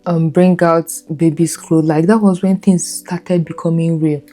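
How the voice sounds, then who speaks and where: A woman speaks in a lowish, warm and mellow voice. She recounts a personal story earnestly and emotionally, circling back over her words as she remembers. Soft music plays faintly behind her. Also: fairly even intonation, a little slow. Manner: earnest, emotional, repeats herself while recalling. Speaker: new mother telling her birth story.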